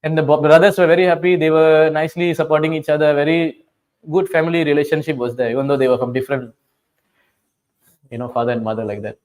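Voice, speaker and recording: A man's voice: a little high, flat delivery, fast talker, darkish tone. Chatty man telling a scripture story. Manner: chatty, keeps asking the listeners questions; simple, informal phrasing with frequent restarts. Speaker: teacher of scripture.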